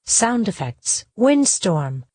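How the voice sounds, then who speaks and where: Expressive woman reading aloud. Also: mid-range voice, slow. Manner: reads stage directions. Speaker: reader.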